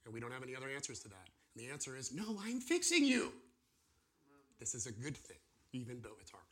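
A man teaching an informal sermon to a class, animated and acting out the voices of people and God. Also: mid-range voice, racing. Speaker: pastor or church teacher.

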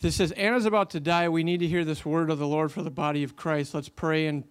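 Smooth-voiced man telling a story. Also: a little high, quick pace. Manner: animated storyteller acting out quotes, many fillers. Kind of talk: casual storytelling in conversation.

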